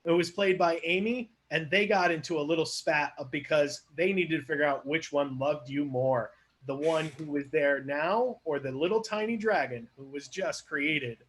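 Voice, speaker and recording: A man hosting an online improv comedy show, narrating the scene in an animated storytelling manner. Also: a little high, normal speed.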